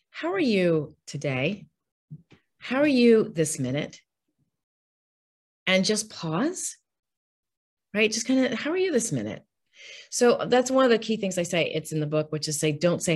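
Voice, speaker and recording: A woman interviewed as an author, speaking candidly and earnestly in a heartfelt, open conversational way. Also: medium pitch. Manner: earnest, heartfelt, speaks openly about grief.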